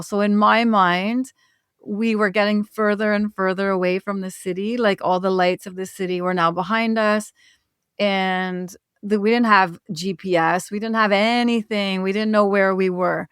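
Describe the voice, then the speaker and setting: Woman guest telling a wild travel story, smooth clear voice, dry close mic. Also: medium pitch, moderate pace, no echo. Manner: animated, laughs while telling stories. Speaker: podcast guest, travel author. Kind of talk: conversational storytelling.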